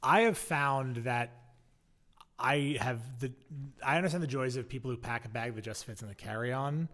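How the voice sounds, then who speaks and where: A man's voice: medium pitch, normal speed, fairly bright tone. A man co-hosting a podcast, talking emphatically in casual chat and repeating his points. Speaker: podcast co-host.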